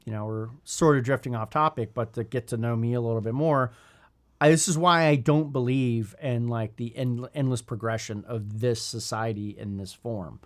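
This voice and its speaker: On a casual leadership podcast, a male co-host in his thirties talks thoughtfully but meanders, restarting many times. His voice is mid-range and his pace moderate.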